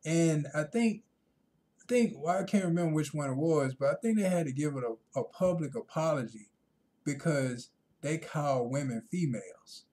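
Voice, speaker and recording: A man's voice: a little high, normal speed. Man with a raised voice, rambling vlog rant. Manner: rambling, repeats himself, gets loud and animated when retelling exchanges. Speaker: vlogger. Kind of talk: opinionated casual monologue.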